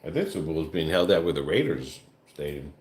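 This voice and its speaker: A man co-hosting a casual home livestream, explaining things slowly with halting fillers while reading out viewer comments. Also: very deep voice, expressive. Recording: echoey room.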